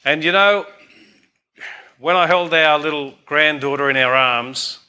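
Bright-voiced older man preaching. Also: on the high side, measured pace, clear, resonant tone. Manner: earnest, repeats "amen?" to the congregation. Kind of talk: sermon.

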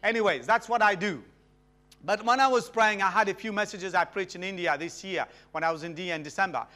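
A middle-aged man from Mauritius preaches a sermon as a guest, animated and calling out for responses from the congregation. His voice sits high and he speaks a little fast.

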